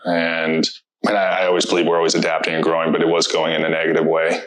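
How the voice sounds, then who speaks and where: Deep flat-voiced man giving testimony. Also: rough recording. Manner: halting, reflective, many fillers and restarts. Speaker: interviewee. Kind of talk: personal testimonial interview.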